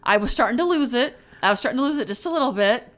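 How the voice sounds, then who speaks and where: A woman's voice: a little high, animated, racing, fairly bright tone. A middle-aged woman co-hosting a podcast, telling a story in casual chat and acting out her own panicked quotes. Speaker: podcast co-host.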